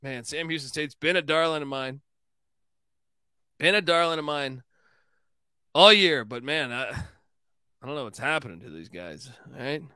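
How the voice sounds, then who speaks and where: A man with a bright, forceful voice, pitched a touch high, running through his betting picks in a loose, joking way. He swears freely and laughs often. The sound is dry and close, with no room around it. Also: animated, a little slow, long pauses, smooth, no room sound. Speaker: sports betting podcast host. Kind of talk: casual betting picks chat.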